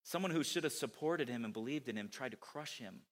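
A man preaching a sermon, animated, who asks his listeners many rhetorical questions. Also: mid-range voice, a little fast.

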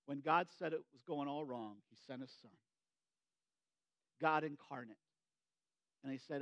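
A man preaching a sermon as pastor, swinging between loud, emphatic bursts and hushed, low asides. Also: no room sound.

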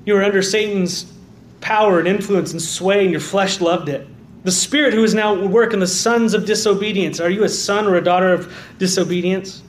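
A man preaching a sermon as pastor, dropping to quiet low stresses and rising to loud, fervent calls of "amen". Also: fairly even intonation, a little fast, echoey room, slight background noise. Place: church sanctuary.

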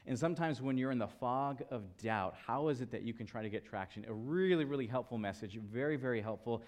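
A man's voice: mid-range voice, fast. A man in his thirties preaching a sermon as pastor, telling a story and acting out the people in it. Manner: storytelling, animated voices for quoted people.

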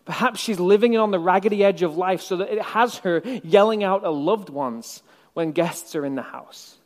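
A male preacher with a high-pitched voice delivers his sermon in a conversational, reflective way, dropping in wry asides. The long reverb of a large church hall rings behind each phrase. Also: normal speed.

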